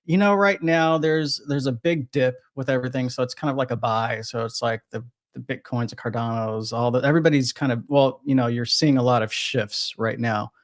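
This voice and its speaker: A man in a casual podcast chat who drifts through his thoughts, often restarting and correcting himself. His voice sits in an ordinary middle pitch and is recorded dry and close. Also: fairly even intonation, brisk, few pauses, no echo. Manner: rambling, frequent restarts and self-corrections. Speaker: crypto trader guest.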